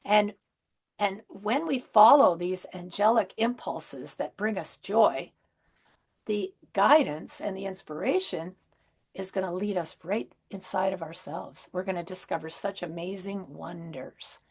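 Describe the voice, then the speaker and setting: A woman minister giving a Christmas sermon in a gentle, conversational way, with soft asides and rhetorical questions. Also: mid-range voice, a little slow, creaky, slightly rough.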